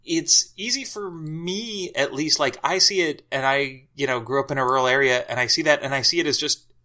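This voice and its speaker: A man's voice: medium pitch, moderate pace, bright, forceful tone. A man on a podcast as a guest, talking things through in a hesitant, reflective way full of filler words. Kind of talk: casual discussion.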